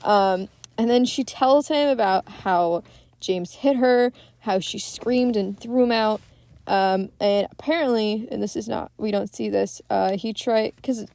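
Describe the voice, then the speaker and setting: A woman's voice: medium pitch, no room sound. Casual woman recapping a film, dry sound. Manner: chatty, profane, animated retelling. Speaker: podcast host.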